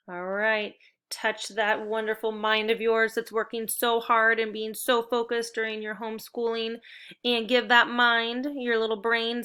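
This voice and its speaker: Upbeat lady teacher doing a kids spelling lesson, crisp bright voice, cheering them on. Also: fairly high pitch. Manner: upbeat, encouraging, giving clear step-by-step directions. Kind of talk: spelling lesson for young children.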